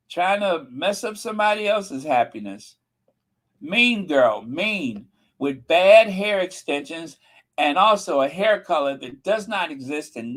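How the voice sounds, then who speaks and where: Man, channel host, sassy gossip commentary, slightly high voice, very expressive. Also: low-quality recording. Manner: sassy, animated, mocking.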